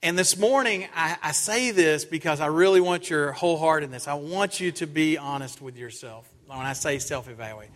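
A middle-aged man preaching a sermon in a church, an animated storyteller who acts out his own lines in stories. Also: on the high side, moderate pace, few pauses. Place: church sanctuary. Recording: long church hall reverb.

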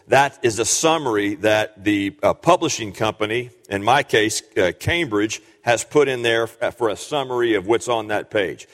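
Male pastor, sermon delivery, middle-pitched voice, long hall reverb, earnest with restarts and emphatic peaks. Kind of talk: sermon with scripture reading.

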